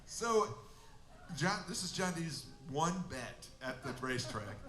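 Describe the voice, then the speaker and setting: A man's voice: fairly high pitch, big pitch swings, slow, very noisy. A male musician telling a casual, rambling anecdote between songs at a live venue, through a stage mic. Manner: rambling, amused storyteller. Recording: echoey live room with band.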